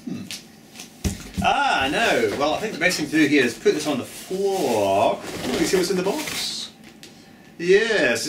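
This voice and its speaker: Male vlog host, exuberant and self-mocking, fairly high voice, roomy sound. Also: background noise. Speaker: channel host. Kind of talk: jokey gear unboxing vlog.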